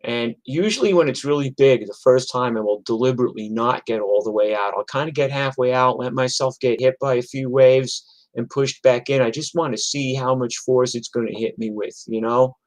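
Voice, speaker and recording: A man's voice: mid-range voice, normal speed, poor audio. Rambling, profane middle-aged New man. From New York. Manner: rambling, profane, full of "like" and "you know". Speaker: musician telling stories. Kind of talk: casual storytelling monologue.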